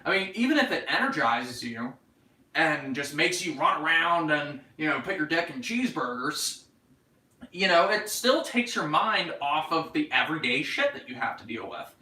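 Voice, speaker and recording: A young man with a North Carolina Southern drawl hosts a loose livestream, rambling and swearing through viewer comments. His voice sits a bit high and bright, swinging widely in pitch. He is set back from the mic in an echoey room. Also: sing-song, normal speed, recorded from a distance. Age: 20s. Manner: rambling, profane, joking. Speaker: livestream host. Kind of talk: casual livestream chat reading comments.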